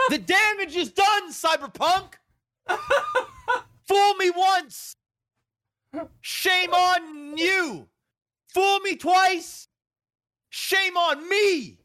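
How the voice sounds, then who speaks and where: A man's voice: very high-pitched, bright, forceful tone, slight background noise, pitched above the performer's own voice, full character voice. A man voicing a heartbroken jilted man in a dramatic, wailing comic rant.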